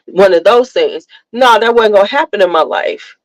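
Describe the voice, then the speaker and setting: A woman's voice: mid-range voice, moderate pace, dry recording, rough recording. A middle-aged woman hosting a casual motivational talk, speaking emphatically and candidly, repeating her points for stress. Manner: candid storytelling. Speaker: host.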